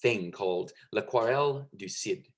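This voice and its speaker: A man's voice: lowish voice, normal speed. A man teaching a lecture in a conversational way, with frequent fillers and checks for understanding.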